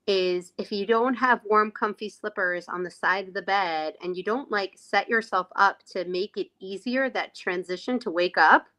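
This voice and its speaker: Reflective woman guest, bright tone. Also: mid-range voice, moderate pace, few pauses. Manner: reflective, searching for words, many fillers. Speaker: podcast guest. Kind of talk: conversational podcast chat.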